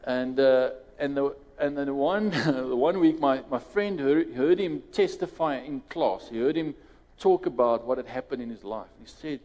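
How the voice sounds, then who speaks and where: A South African man preaching in an easy, conversational way, circling back on his phrases and jumping up in pitch when he voices other people. His tone is dark and mellow. A long hall reverb trails behind every word. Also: moderate pace, few pauses. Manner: conversational, restarts phrases, rises sharply when quoting others. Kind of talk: sermon with closing prayer.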